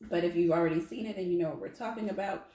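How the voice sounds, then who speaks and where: A woman's voice: on the low side, very fast, far from the mic. A woman in her thirties, a mother co-hosting, chatting casually and teasing while eating at home. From United States. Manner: relaxed, teasing, chatty between bites. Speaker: mother and co-host. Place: home dining table. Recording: roomy home room echo.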